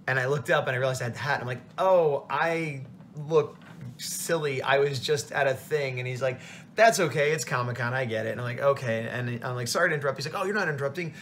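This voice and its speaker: A tired man, a comic artist, telling a rambling, animated story in a casual vlog. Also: mid-range voice, racing, a little hiss or hum. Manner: rambling, animated retelling with quoted voices.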